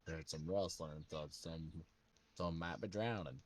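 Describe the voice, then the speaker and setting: A man's voice: rumbling low, unhurried, slight background noise. A man voicing a blunt, folksy river man with a put-on Southern US accent. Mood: folksy teasing. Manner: folksy, teasing drawl.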